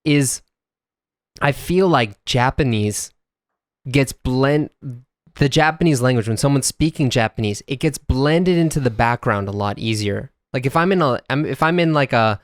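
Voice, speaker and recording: A man co-hosts a podcast in a relaxed, easy way and swears now and then. His mid-pitched voice is recorded dry and close, with no room sound at all. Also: moderate pace, no room sound. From United States. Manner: relaxed, explains with demonstrations, swears casually. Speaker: co-host. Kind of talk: casual podcast chat. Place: indoors, living in Japan.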